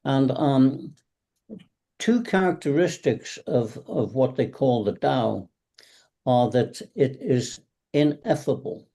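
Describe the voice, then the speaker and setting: A man's voice: medium pitch, expressive, takes it slowly, vocal fry, mellow. A man who teaches tai chi and qigong, chatting on a video call in a rambling, anecdotal way and acting out the lines of the people he talks about. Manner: rambling, anecdotal, acts out cab drivers' lines. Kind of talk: casual online panel talk.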